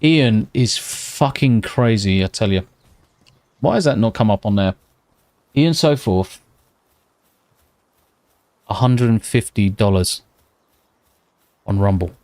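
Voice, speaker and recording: A British man streaming live from home at night, chatting casually with viewers, swearing constantly and talking slightly quietly. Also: on the low side, expressive, slow pace, long pauses, no room sound.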